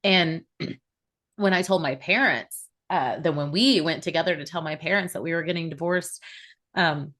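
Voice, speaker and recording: A woman in her forties, a podcast guest, telling a personal story in an animated way and laughing often. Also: sits low, normal speed. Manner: animated, laughs often, acts out quoted voices.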